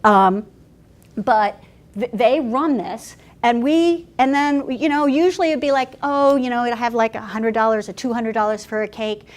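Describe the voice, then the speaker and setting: A woman pastor leads a workshop, telling stories in a lively, chatty way. She restarts her sentences often and speaks a little high. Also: moderate pace. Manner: animated, chatty, laughing, full of restarts. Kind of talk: storytelling workshop talk.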